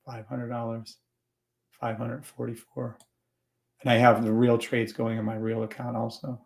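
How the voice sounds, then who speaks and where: Gruff, swearing man streaming live trades. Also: mid-range voice, monotone, normal speed, darkish tone. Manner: gruff, blunt and swearing, scolding viewers. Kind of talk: profane live-stream trading commentary.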